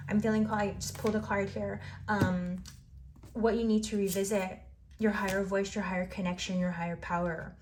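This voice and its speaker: A woman's voice: mid-range voice, slight background noise. Lady doing a tarot reading, encouraging, kinda rambly, repeats herself a lot. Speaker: tarot reader.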